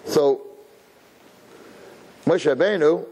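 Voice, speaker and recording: A male rabbi teaching a Torah class, dramatic and conversational as he draws his listeners in with questions. His pitch sits a little high and swings widely. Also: animated, normal speed, darkish tone, slightly rough.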